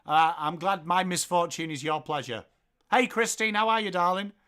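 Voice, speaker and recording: Excitable English man calling football. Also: high-pitched, moderate pace, clean tone. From England. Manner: excitable, jokey, bursts into loud calls of the play. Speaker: watchalong host. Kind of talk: live football commentary and chat with viewers.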